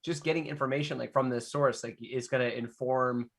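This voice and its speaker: A young man chatting on a podcast in a loose, sardonic way, swearing casually as he muses. His voice has an everyday male pitch. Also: steady tone, fairly quick, creaky, fairly bright tone. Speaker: podcast co-host. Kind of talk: casual chat.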